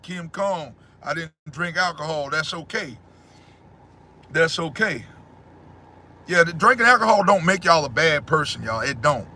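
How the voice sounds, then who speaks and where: A man hosting a casual livestream, answering his chat in a loud, preachy way and repeating phrases. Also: a little high.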